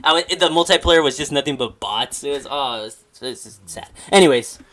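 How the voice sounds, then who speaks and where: A man's voice: medium pitch, brisk, a bit bright. A man in his twenties rambling through stories in casual podcast chat, full of restarts and fillers, swearing freely. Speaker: podcast co-host.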